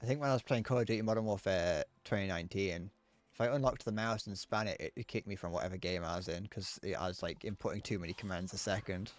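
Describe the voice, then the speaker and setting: A man with a low voice talks fast as he streams a game, chatting casually, rambling, cursing and stumbling through restarts.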